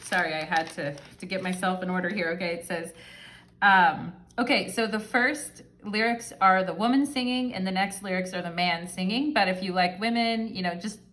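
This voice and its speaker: A woman's voice: medium pitch, fairly even intonation, normal speed, fairly bright tone. A woman talks her viewers through a pick-a-card tarot reading in a mid-range voice. She is chatty and affectionate, rambles, and fills her sentences with fillers. It sounds like a casual reading spoken to camera. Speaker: tarot reader.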